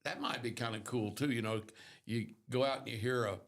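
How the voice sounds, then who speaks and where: A man's voice: medium pitch, fairly quick, fairly bright tone. An older man co-hosts a morning talk show and spins a long, wry story at an easy pace. His voice sits in a middle register, and he rambles, circles back, and pokes fun at his own frustrations. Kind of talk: casual radio chat.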